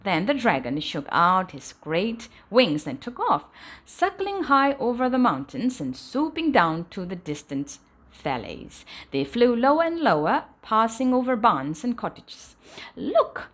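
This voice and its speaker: Animated woman reading a bedtime story. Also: on the high side, a little slow. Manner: animated storytelling, dropping softly at sentence ends. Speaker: storybook reader. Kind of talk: bedtime storybook read-aloud.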